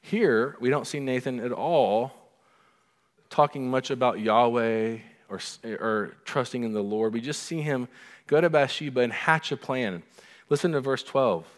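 A man's voice: medium pitch, a little slow. Man preaching in an echoing hall. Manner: animated preaching, acting out quoted lines. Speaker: pastor. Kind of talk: sermon. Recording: long reverb of a hall.

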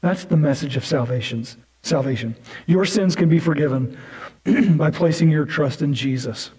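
A man's voice: a little high, moderate pace, mellow, poor audio. A male pastor preaching a sermon in a conversational way, with asides and restarts.

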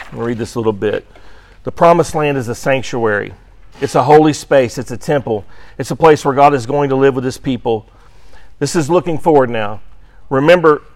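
A man teaching an adult Sunday school class, reading scripture aloud with emphasis and checking in with "right?". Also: mid-range voice. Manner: reads scripture aloud with emphasis, frequent "right?" tag questions; occasionally clears throat. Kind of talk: Bible class lecture.

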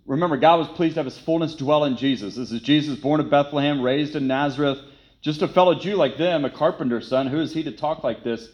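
A man's voice: on the high side, brisk, darkish tone, poor audio. A man preaching a sermon, emphatic and repetitive, who poses rhetorical questions and then answers them. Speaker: pastor.

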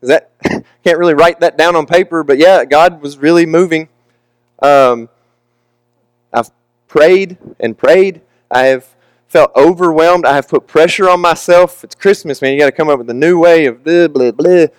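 A man's voice: fairly high pitch, moderate pace, clear, resonant tone, no room sound. Emotional young male preacher, candid. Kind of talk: sermon.

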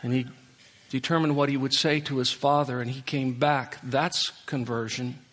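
A man's voice: mid-range voice, fairly even intonation, moderate pace. A man preaching a sermon as pastor, pleading earnestly with his listeners in a church worship center. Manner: pleading, rising to impassioned appeals then dropping soft. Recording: long reverb of a large hall.

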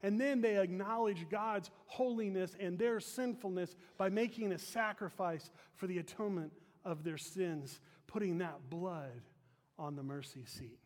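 Pastor, male, high-pitched voice, earnest emphatic sermon delivery, church sanctuary with long reverb. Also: darkish tone. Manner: earnest, emphatic preaching with asides to the congregation. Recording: long reverb of a large hall.

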